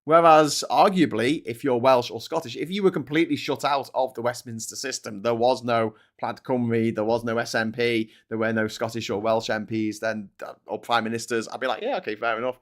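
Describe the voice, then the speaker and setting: A man with a Scouse accent hosting a political livestream, talking in an excitable, sweary, rambling way. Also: medium pitch, brisk, hardly any pauses. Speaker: livestream host. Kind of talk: casual political livestream chat.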